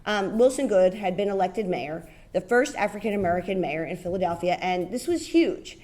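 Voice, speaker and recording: A middle-aged woman from New Jersey giving a keynote speech, telling her stories in an animated way and acting out the dialogue. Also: fairly low pitch, moderate pace. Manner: animated storyteller, acts out dialogue, laughs often. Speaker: keynote speaker.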